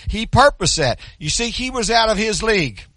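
A man's voice: high-pitched, very animated, moderate pace, bright, forceful tone, no echo. An older man preaching a sermon, swinging between folksy stories and emphatic preaching. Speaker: pastor.

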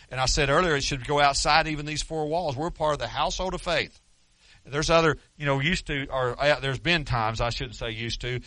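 Middle-aged man, pastor giving a folksy, joking sermon; bright, forceful voice, dry close sound. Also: fairly high pitch, no room sound. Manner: folksy, joking, rising to loud emphatic preaching.

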